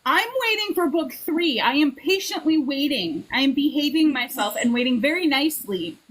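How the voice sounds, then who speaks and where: A woman's voice: sits high, expressive, moderate pace, a bit bright, poor audio. A woman hosting a book club interview, chatty and encouraging. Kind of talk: casual interview chat.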